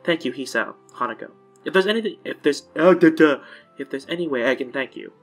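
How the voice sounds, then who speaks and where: A man reading aloud the lines of a polite, gracious teenage schoolgirl in a soft-spoken way. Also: on the high side, expressive, fairly quick, faint music behind. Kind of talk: reading game dialogue aloud.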